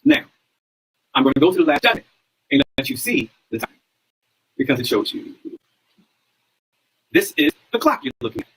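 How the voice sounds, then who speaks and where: A man's voice: fairly high pitch, sing-song, normal speed, pauses often, fairly bright tone, breathy edge, low-quality recording. A man hosting a livestream monologue, preaching in a repetitive way and often asking listeners whether they understand. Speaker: livestream host.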